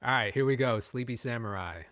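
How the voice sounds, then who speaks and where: A man in a relaxed live-stream chat, giving blunt, easygoing opinions on songs. His voice sits at an ordinary pitch for a man. It is recorded close and dry with no room sound. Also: brisk, dry recording. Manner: laid-back, frank, laughs often, addresses chat. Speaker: host reviewing submitted music.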